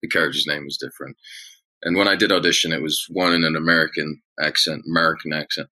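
A man's voice: a bass voice, fairly even intonation, quick pace, bright, forceful tone, low-quality recording. A male actor guest on a podcast, chatting casually and telling rambling anecdotes.

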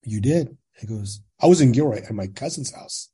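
As a podcast guest, a man in his sixties from California recounts his life in a mellow, slightly husky voice at a middling pitch and moderate pace. He revives past conversations by acting out each side, often adding tag questions.

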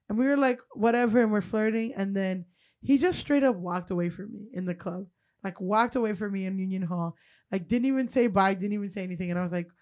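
A young woman co-hosting a podcast, telling a profane, animated story and acting out what people said. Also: medium pitch. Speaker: podcast co-host. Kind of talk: casual comedic storytelling.

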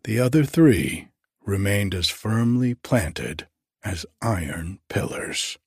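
A man reading an old myth aloud as a storybook narrator, slow and measured. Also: fairly low pitch, lively intonation, vocal fry, breathy edge, dry recording, studio quality.

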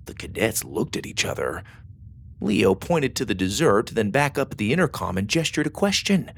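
A man narrating a children's space adventure audiobook in an expressive, animated way. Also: on the low side, normal speed, creaky, slight background noise. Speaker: storyteller.

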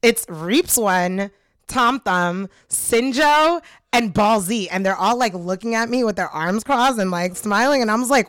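A woman telling a funny story in an animated, giggly way. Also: on the high side, a little slow, smooth, dry recording, clean studio sound. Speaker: beatboxer interviewee. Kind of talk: casual storytelling.

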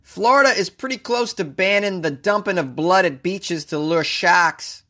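A man's voice: high-pitched, moderate pace, sharp tone. A man with a thick Boston accent hosting a comedic news podcast, brash and joking, laughing as he riffs on stories.

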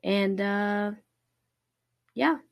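A young woman with a sore, raspy throat hosts a true-crime podcast in an unhurried, rambling way, cursing offhandedly and poking fun at herself. Her speech is slow and the recording is dry and close, made on a laptop. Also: medium pitch, no echo. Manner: rambling, swears casually, self-deprecating. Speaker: podcast host.

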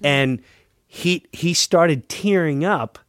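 A man hosting a podcast, telling a story with lively energy and acting out the people in it. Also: a little high, takes it slowly, no echo, clean studio sound. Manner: animated anecdote teller, acts out quoted people. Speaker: podcast host. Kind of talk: casual storytelling.

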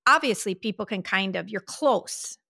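Woman in her fifties, podcast co-host, gravelly and bright, chatty storyteller, dry studio sound. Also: medium pitch, moderate pace, no room sound. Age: 50s. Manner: chatty storyteller, quotes herself in lively voices. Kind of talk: casual chat.

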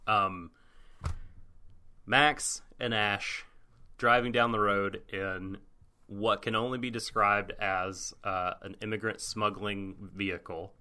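A man in casual podcast chat, recapping an anime episode slowly and rambling with lots of fillers. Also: on the low side, fairly even intonation, bright, forceful tone, clear, resonant tone. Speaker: podcast co-host.

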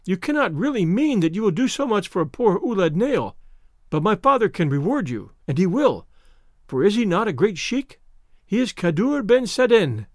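A man putting on a young captive woman, high and eager. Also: big pitch swings, moderate pace, dry recording, clean studio sound, full character voice. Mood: excited.

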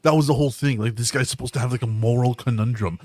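A man's voice: mid-range voice, fast, darkish tone, no room sound. A man co-hosting a podcast, joking loosely with a lot of swearing. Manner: profane, joking, mocks voices. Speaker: podcast co-host. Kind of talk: casual podcast chat.

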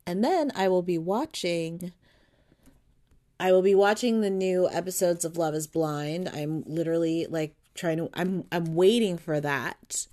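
A woman's voice: lowish voice, measured pace, mellow. A woman hosting her podcast, rambling and swearing freely in a casual monologue. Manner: profane, rambling, chatty. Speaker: podcast host.

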